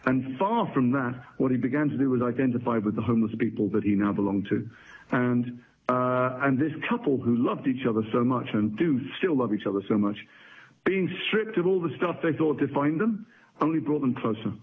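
A man's voice: medium pitch, a little fast, slightly rough. A middle-aged man from England, an actor guest in a casual interview, talking in a thoughtful, articulate, wry way with restarts. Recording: tinny phone-like line.

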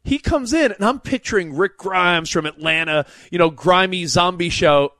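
A man's voice: high-pitched, normal speed, fairly bright tone, dry recording. A man co-hosting a sports radio show, telling stories in chatty, stumbling banter. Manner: chatty storyteller, stumbling restarts.

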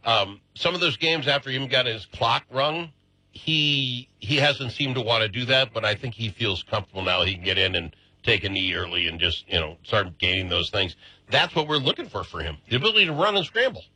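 A middle-aged man hosts a chatty sports radio segment. His voice is very bright with a husky edge, heard close and dry. He gets excitable, and his pitch jumps when he is animated. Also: fairly quick, dry recording, poor audio. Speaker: radio host. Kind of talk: casual sports talk.

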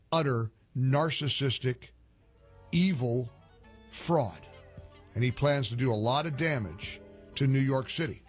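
An indignant male commentary host delivers a rambling, opinionated monologue full of restarts. His husky voice sits a bit high and swoops up and down with lively emphasis.

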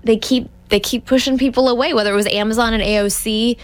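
A woman speaking as a newspaper columnist guest on a talk radio show, earnest and agreeable with some halting restarts. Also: fairly high pitch, steady tone.

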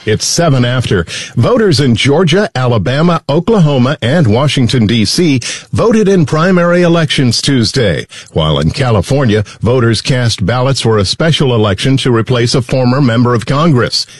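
A man's voice: medium pitch, expressive, moderate pace, breathy edge, dry recording, clean studio sound. Male radio anchor over a music bed. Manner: polished announcer delivery. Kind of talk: scripted radio newscast.

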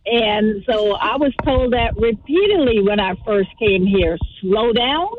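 A woman's voice: mid-range voice, expressive, unhurried, slight background noise. Guyanese woman on a tinny phone line. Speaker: caller, host's cousin. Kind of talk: phone-in conversation.

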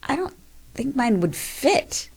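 A woman's voice: high voice, big pitch swings, slow pace, gravelly, breathy edge. A woman co-hosting a local morning radio show, reading birthdays and trading dry remarks. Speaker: radio co-host. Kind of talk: casual radio banter.

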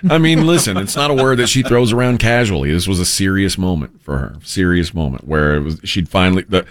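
A man's voice: low voice, expressive, fairly quick. A man co-hosting a radio show, chatting casually with loose, rambling storytelling.

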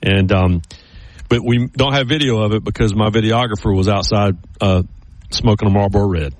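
A man's voice: on the low side, normal speed. A man co-hosting a casual chat, telling stories in a rambling way with many restarts.

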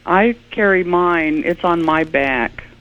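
A woman's voice: lowish voice, slow pace. A woman investigating hauntings, a guest on a radio show, earnestly explaining her evidence. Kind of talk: radio interview. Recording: tinny phone line.

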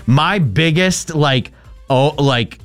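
A man hosting a radio show, chatting casually in an animated, self-mocking way. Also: on the high side, slow pace, clear, resonant tone, faint music behind. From Connecticut. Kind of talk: casual chat.

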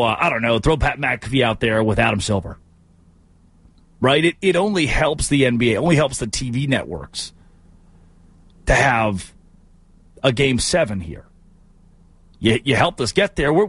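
A husky-voiced man hosting a sports talk show, riffing through an animated, joking monologue. His pitch jumps around as he makes his points. The sound is dry and close, with no room in it. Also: moderate pace, pauses often, no room sound. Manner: animated, jokey, puts on silly voices. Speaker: sports radio host.

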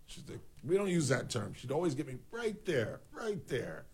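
A man's voice: mid-range voice, normal speed, husky. A man talking casually as a host, telling stories and joking. His voice jumps up sharply when he acts out what others said. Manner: animated storyteller, shouts quoted voices. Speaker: podcast host. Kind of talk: casual chat.

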